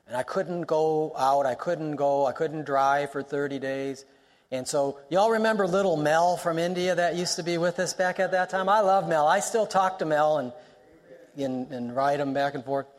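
A man's voice: on the high side, moderate pace. A male pastor preaching a sermon, emphatic, repeating lines for stress and weaving in personal stories. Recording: long reverb of a large hall.

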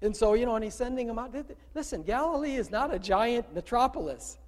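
High-voiced man preaching in a hall. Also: animated, fast. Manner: conversational preaching, asks the congregation questions, swings from quiet to loud. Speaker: pastor. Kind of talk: sermon. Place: church room with a congregation.

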